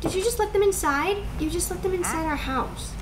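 A woman's voice: very high voice, background noise. A young woman in her twenties co-hosting a gameplay video, giving her partner orders and laughing often. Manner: bossy, directing her partner, quick to laugh. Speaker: gaming co-host. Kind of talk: casual gameplay chat.

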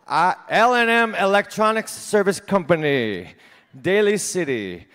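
Man, 30s, high-pitched voice. Deadpan stand-up comic, mumbles off and chuckles at his own lines, live theater. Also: unhurried. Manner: deadpan one-liners, trailing off and laughing at himself. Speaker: stand-up comedian. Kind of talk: stand-up set. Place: large theater stage, live audience.

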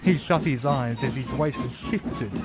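A man reading a children's train story aloud as narrator, with a calm, steady delivery. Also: mid-range voice, measured pace. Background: music.

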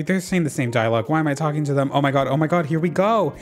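A gaming YouTuber giving casual let's-play commentary, excitable and dramatic, using lots of slang and talking to the characters on screen. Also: medium pitch, fast talker, few pauses, soft background music. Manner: talks to game characters while playing.

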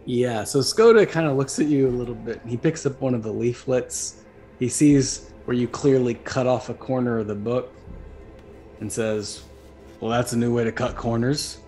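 A man's voice: medium pitch, moderate pace, warm tone. A man narrating a tabletop role-playing game as dungeon master, describing scenes and calling for checks. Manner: descriptive storytelling with character asides. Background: faint background music.

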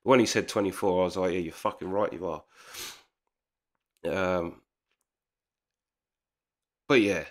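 A man's voice: low-pitched, a little slow, pauses often. A man telling a heated personal story in casual speech, swearing often and acting out the dialogue. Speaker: storyteller vlogger.

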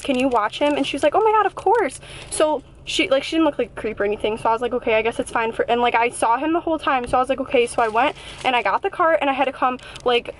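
A young woman, a mother, telling a rambling, chatty story to her camera from inside her car, saying "like" constantly. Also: sits high. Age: young adult. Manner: rambling, chatty, heavy use of "like". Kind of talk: casual vlog storytelling.

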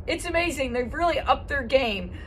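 A high-voiced, middle-aged woman chatters through casual school morning announcements, giggling as she talks. She sits back from the mic, and faint ambient noise hangs behind her. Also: animated, moderate pace, distant mic. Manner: giggly, chatty, laughs often. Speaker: school lunch lady giving morning announcements.

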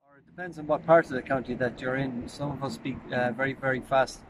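A man's voice: mid-range voice, steady tone, fast talker, a little hiss or hum, low-quality recording. A man with a Tipperary Irish accent, a tour guide chatting casually and humorously with plenty of rambling. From Ireland.

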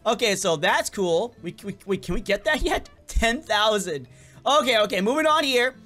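A man giving casual, excitable gameplay commentary as a gaming channel host, often stumbling and repeating words. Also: sits high, moderate pace, faint music behind. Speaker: gaming YouTuber.

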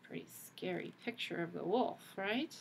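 A woman teacher reading a picture book aloud to children, pausing gently to ask them questions. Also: lowish voice, lively intonation, creaky, a little hiss or hum.

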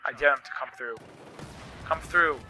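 A man's voice: medium pitch, normal speed, pushed and bright. A young man giving live commentary over his own gameplay, swearing freely and breaking into frustrated outbursts. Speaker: gaming YouTuber.

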